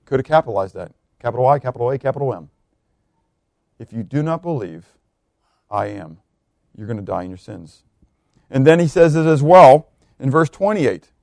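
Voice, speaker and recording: A man preaching a verse-by-verse sermon, reading scripture aloud, swelling on key words and dropping low, often asking his listeners questions. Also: big pitch swings, moderate pace, creaky, long pauses, mellow, no echo, clean studio sound. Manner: emphatic, swells on key words then drops low, asks the congregation questions. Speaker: pastor.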